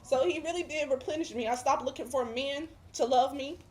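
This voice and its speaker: A woman's voice: high voice, fairly quick, a little mellow. A woman guest giving a religious testimony, speaking emphatically with preacher-like repetition. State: emotional, near tears at times.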